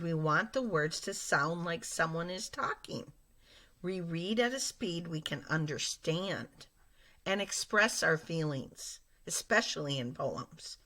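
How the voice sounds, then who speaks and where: A woman teacher giving a lesson to young children, explaining slowly and patiently and speaking straight to her class. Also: fairly low pitch, pushed and bright. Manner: slow, patient and explaining, addressing children directly.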